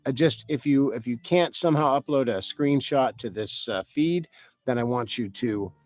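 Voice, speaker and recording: A man's voice: medium pitch, normal speed, no room sound. A man who writes novels, rambling casually through a live stream for his viewers and cursing now and then. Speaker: author hosting a live stream.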